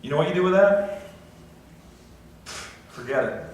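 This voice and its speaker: A man's voice: fairly high pitch, animated, unhurried, muffled recording, slight background noise. A middle-aged man preaching a conversational sermon as pastor, with folksy, self-deprecating asides. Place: church sanctuary. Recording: echoey church recording from a distance.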